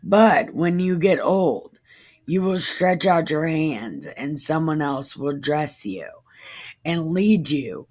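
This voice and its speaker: A woman's voice: sits low, expressive, slow pace, a little mellow. A woman reading scripture aloud with sarcastic, incredulous asides. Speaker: comedic Bible reader. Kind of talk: irreverent comedic scripture reading.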